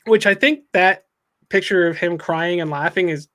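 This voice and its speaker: A man's voice: sits high, normal speed, bright, forceful tone. A man casually reading through a comic book on a podcast, with amused asides. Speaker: podcast host.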